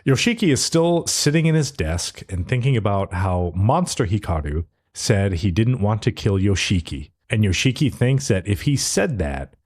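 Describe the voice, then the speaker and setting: A man co-hosting a podcast, casually recapping an episode in a relaxed, slangy way. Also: fairly low pitch. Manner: animated retelling, relaxed slang. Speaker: podcast co-host.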